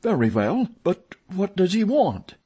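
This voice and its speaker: A man reading a story, voicing an excitable, impatient male opera manager with raised, sharp exclamations. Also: sits high, unhurried, husky, dull audio, voice pushed up, exaggerated voice. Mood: exasperated.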